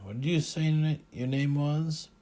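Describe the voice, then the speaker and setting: A man voicing a curt male security guard in an audiobook, speaking loudly and bluntly. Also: a little high, fairly even intonation, measured pace, voice pushed up, lightly acted. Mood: irritated. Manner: curt and loud.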